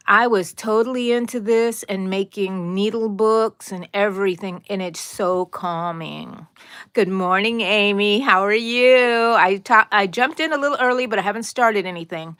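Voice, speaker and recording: A woman's voice: medium pitch, normal speed, a bit bright, clean tone, dry recording, studio quality. A woman hosting a crochet live stream, chatting playfully, laughing often and greeting viewers by name. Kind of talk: casual live-stream chat.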